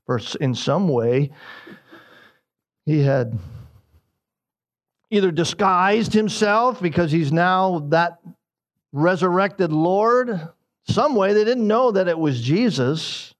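A man preaching a sermon in an expressive way, dropping his voice low and slow for emphasis.

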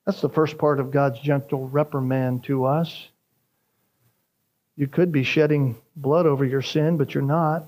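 A man preaching a sermon, emphatic and rising in pitch on key phrases. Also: steady tone, a little slow, a little mellow. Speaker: pastor.

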